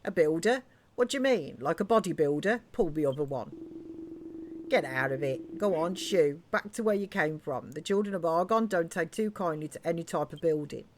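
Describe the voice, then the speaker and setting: A man's voice: on the high side, lively intonation, moderate pace, a little hiss or hum, close to an everyday voice. A woman voicing a brash male miner with a put-on Cockney accent, mocking and shooing a stranger away. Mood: scornful. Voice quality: loud, dropped-h slang, mocking.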